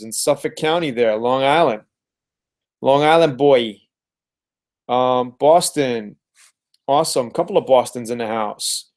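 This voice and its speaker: A man's voice: medium pitch, darkish tone. A man hosting a casual live stream from home, upbeat and fond of repeating words as he greets viewers. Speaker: host of a live car-flipping webinar.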